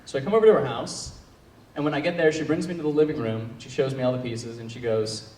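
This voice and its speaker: Young man doing deadpan stand-up. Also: mid-range voice. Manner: deadpan storytelling with punchline pauses. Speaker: stand-up comedian. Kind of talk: stand-up comedy set. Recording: echoey hall, distant mic.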